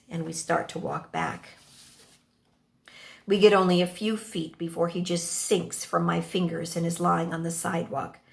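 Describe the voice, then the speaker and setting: Woman reading a story out loud, really slow, bit of vocal fry, acts out the lines. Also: lowish voice. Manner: slow, expressive, acts out the dialogue. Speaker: stage performer reading a story. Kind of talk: dramatic first-person story reading.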